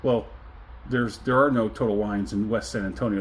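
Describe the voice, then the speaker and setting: A man's voice: medium pitch, moderate pace, rough recording. A middle-aged man giving a casual whiskey tasting review, effusive and savoring, humming and chuckling as he talks.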